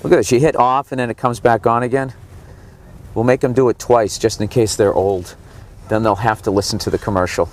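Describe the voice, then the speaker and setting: In the back seat of a cab crawling through city traffic, a slightly sick stand-up comedian in his forties delivers a sarcastic, profane rant as tour commentary. His voice is medium-pitched and brisk, with fairly even intonation. Faint traffic noise hums underneath.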